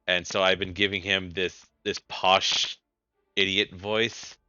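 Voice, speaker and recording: Rambling male game streamer, bright voice. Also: sits low, level tone, slow, clear, resonant tone, no echo, highs cut off. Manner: rambling, self-interrupting, chuckling. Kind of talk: casual let's play commentary.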